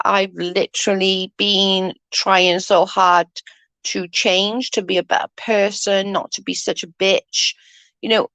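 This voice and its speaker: A woman's voice: mid-range voice, gravelly, a bit bright, no room sound. Woman, casual stream chat, tired and yawning, dry close sound. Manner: chatty, yawning, says "allegedly" often. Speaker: live-stream host. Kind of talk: casual live-stream chat reading comments.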